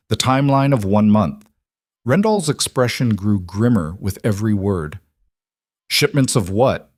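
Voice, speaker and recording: A man giving steady, measured scripted narration of a story. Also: lowish voice, no echo, studio quality.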